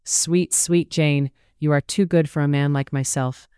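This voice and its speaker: A narrator voicing a rowdy, befuddled young gentleman in an audiobook, in a measured read. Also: mid-range voice, fairly even intonation, smooth, no echo, clean studio sound, close to an everyday voice.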